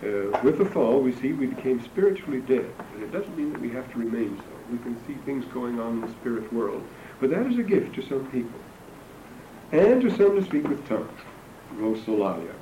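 A man's voice: mid-range voice, expressive, a little fast. Older man lecturing from a distance, roomy. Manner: digressive, anecdotal, dry humor. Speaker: religion lecturer. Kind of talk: classroom lecture on scripture. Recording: roomy distant lecture recording with background noise.

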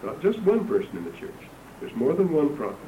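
Here the older religion lecturer sounds a little high and very animated, speaking briskly through narrow, tinny audio. His classroom talk on scripture is digressive and full of anecdotes and dry humor. It was recorded at a distance in a roomy space with background noise.

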